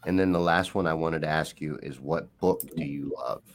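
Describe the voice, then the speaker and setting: A very deep-voiced man co-hosting a podcast with easy, rambling banter. He teases and jokes in a relaxed, conversational way. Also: moderate pace. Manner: playful, teasing, rambling. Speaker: podcast co-host. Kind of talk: casual joking chat.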